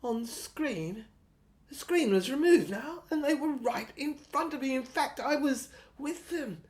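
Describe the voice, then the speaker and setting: A woman reading a first-person audio novel in a dreamy, wandering, halting way. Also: sits high, expressive, darkish tone. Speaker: narrator.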